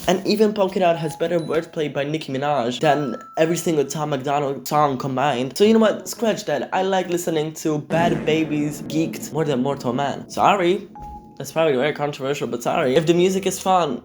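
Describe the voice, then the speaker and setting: A man's voice: on the high side, a little mellow, a little hiss or hum. A teenage boy, sarcastically reading and answering comments in a casual commentary, swearing often. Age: teens. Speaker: YouTube commentator.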